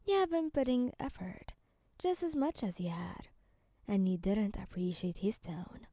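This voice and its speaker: A woman narrating a second-person fan story in a soft, calm, even reading voice. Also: mid-range voice, unhurried, dry recording, studio quality.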